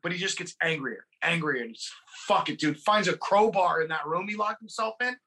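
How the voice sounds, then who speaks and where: A podcast host retelling a movie scene by scene in a casual, swearing, animated way. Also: medium pitch, brisk. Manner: profane, animated storytelling.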